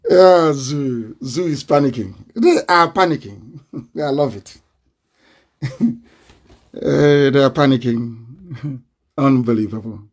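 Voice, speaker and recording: Fiery high-voiced Nigerian man. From southeastern Nigeria. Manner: fiery and confrontational, with mocking laughter. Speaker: broadcaster. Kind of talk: live online broadcast.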